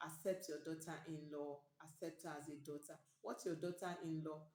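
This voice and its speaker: A woman's voice: low voice, fairly even intonation, moderate pace, darkish tone. A middle-aged woman gives a motivational talk with family advice, speaking earnestly and repeating key phrases for emphasis. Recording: roomy echo.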